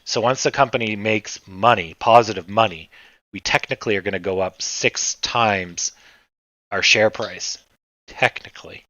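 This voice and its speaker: A man's voice: lowish voice, normal speed, pushed and bright, no echo, dull audio. A man hosting a stock trading livestream, chatting casually and rambling with lots of fillers, and he swears now and then.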